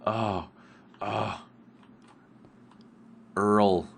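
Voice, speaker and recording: This is a Canadian Minecraft let's player who's sick, answering viewer questions in casual commentary as he plays, rambling with many ums and laughs. His lowish voice has vocal fry, fairly even intonation, and drawn-out words, with slight background noise.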